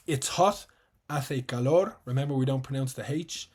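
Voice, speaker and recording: A man with an Irish accent teaching a live online exam-prep lesson, explaining patiently and repeating words slowly and clearly. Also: mid-range voice, darkish tone.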